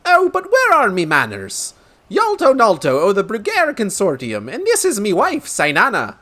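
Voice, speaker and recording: Loud and hearty, a streamer voices a boastful older male merchant in a video game, using a folksy, old-timey way of talking. The delivery is a little slow, swooping high with huge pitch swings.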